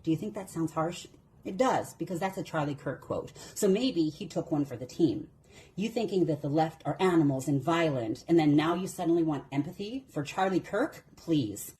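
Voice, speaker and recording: A woman's voice: deep voice, moderate pace, warm tone, a little hiss or hum. A woman giving sarcastic, mocking reaction commentary.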